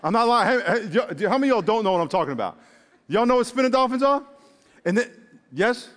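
Preaching a sermon in a church, this pastor has a high male voice and a quick pace. Animated and full of jokes, he voices little characters and calls his congregation "y'all," his words echoing with a long reverb through the hall.

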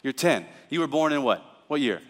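A middle-aged male pastor preaching a sermon in a church, telling stories and building up to shouted praise. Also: on the high side, sing-song, brisk. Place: church auditorium. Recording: reverberant church hall.

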